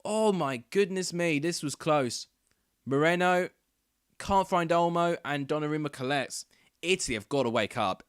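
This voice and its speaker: A young man hosting a football watchalong, chatting casually and calling the match live, getting loud and excited when chances come close. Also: a little high, no echo. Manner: chatty, rambling, bursts into excited shouts at near misses.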